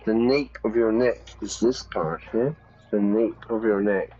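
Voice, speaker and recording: A man's voice: fairly low pitch, fairly even intonation, unhurried, warm tone, muffled recording. A man teaching English while streaming a game, chatty, explaining with examples and checking in with "yeah?".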